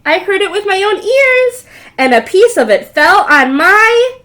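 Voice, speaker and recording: A woman's voice: extremely high pitch, sing-song, a little slow, sharp tone, voice pushed up, exaggerated voice. A woman voicing a panicky little female chick in a children's storybook, insistent and repeating herself. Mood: alarmed.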